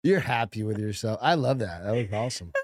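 A man's voice: lowish voice, lively intonation, fairly quick, no echo, studio quality, faint music behind. Crude, teasing male podcast co-host. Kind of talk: casual comedic chat.

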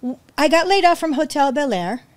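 High-pitched woman guest, expressive storyteller who acts out every quote. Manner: acts out quotes with big pitch jumps, emotional, fast restarts. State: near tears. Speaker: podcast guest, rescue founder. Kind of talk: animated storytelling in conversation.

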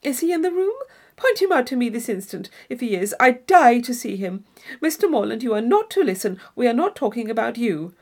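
A woman's voice: fairly high pitch, big pitch swings, a little fast, darkish tone. Isabella, a woman voicing a gushing young lady. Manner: effusive, theatrical exclamations.

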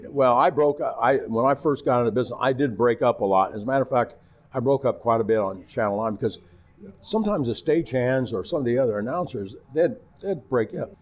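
An older man, a retired TV announcer, telling lively anecdotes in a casual interview and acting out the voices of the people in them. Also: mid-range voice, a little fast. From Missouri.

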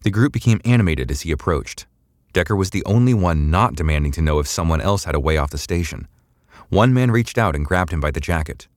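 A man narrating a sci-fi audiobook in a steady, measured storytelling voice, close to a studio mic. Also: low voice, dry recording.

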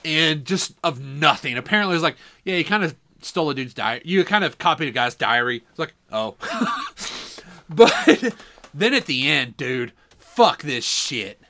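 A man's voice: fairly high pitch, measured pace. A man co-hosting a podcast, telling a story in casual chat with lots of swearing and laughter, on a desktop condenser mic. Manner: animated, profane, laughs through his story. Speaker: podcast co-host. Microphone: desktop USB condenser mic.

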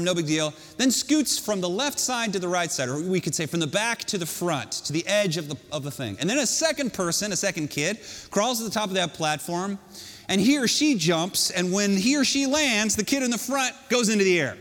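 Male pastor, high voice, animated storyteller, reverberant hall. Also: moderate pace. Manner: storytelling, animated, self-mocking. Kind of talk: sermon.

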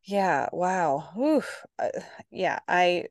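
A woman's voice: on the low side, very slow, no room sound. Dry-sounding woman podcast host. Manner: warm supportive backchannels, excitable. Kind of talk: casual interview chat.

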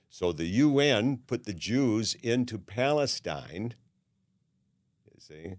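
A man's voice: on the low side, animated, slow pace, long pauses, darkish tone, no echo, studio quality. A man in his seventies hosting a podcast, ranting bluntly in a monologue with many "uh"s and restarts. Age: 70s. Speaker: podcast host. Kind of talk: opinionated monologue.

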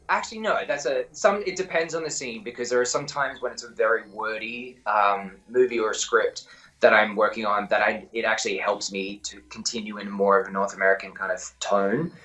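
A man's voice: lowish voice, sharp tone, poor audio. A man with an Australian accent, an actor talking casually in an interview, rambling and correcting himself with lots of fillers.

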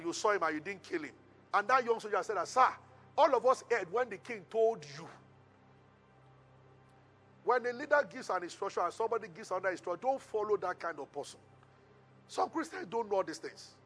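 Male preacher, storytelling sermon, high and bright, soft music bed. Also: breathy edge. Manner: storytelling preacher, animated retelling with call-and-response. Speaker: pastor.

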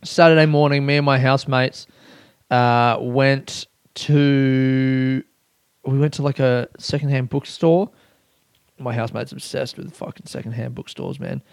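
A man's voice: mid-range voice, fairly even intonation, unhurried, vocal fry, smooth, no echo, studio quality. A young man hosting a casual solo podcast, rambling and self-mocking, swearing often and laughing at himself. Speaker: podcast host.

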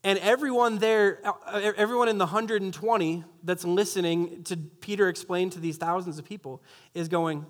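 High-voiced joking pastor preaching. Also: male voice, moderate pace. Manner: jokey, animated, often restarts and laughs at his own asides. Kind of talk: sermon.

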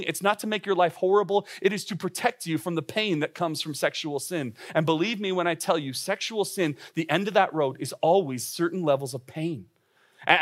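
A man with a high voice preaches a sermon to young adults, earnest and urgent. He puts direct questions to his listeners and trips into quick restarts as he pushes his points. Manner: asks the audience direct questions. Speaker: pastor.

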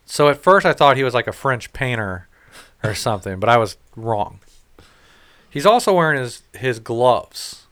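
Smooth-voiced man in his thirties, ranting. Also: mid-range voice, sing-song, moderate pace, fairly bright tone. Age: 30s. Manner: profane, ranting storyteller. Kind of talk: casual chat.

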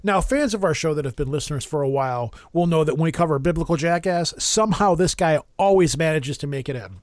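A man's voice: a little high, quick pace, dry recording, clean studio sound. Self-mocking man reading news on a podcast. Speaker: paranormal podcast host. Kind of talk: casual podcast chat, reading news articles aloud.

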